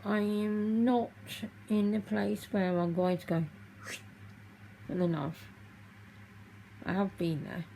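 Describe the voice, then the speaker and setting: A woman vlogging to camera, tearful and halting as she speaks openly about her feelings. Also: lowish voice, vocal fry, warm tone, a little hiss or hum, low-quality recording. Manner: halting, emotional, confessional. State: tearful, crying. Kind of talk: personal vlog talking to camera.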